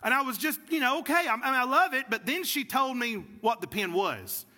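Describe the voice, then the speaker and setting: High, bright-voiced preacher in a hall. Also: male voice, animated, a little fast. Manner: storytelling, builds to preaching fervor. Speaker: pastor. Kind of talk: sermon. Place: church sanctuary.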